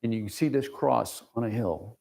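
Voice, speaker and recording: A man's voice: mid-range voice, normal speed, gravelly, dark tone, slightly rough. A man giving an informal, emotional mission report to a church congregation, rambling with fillers and restarts. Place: church sanctuary.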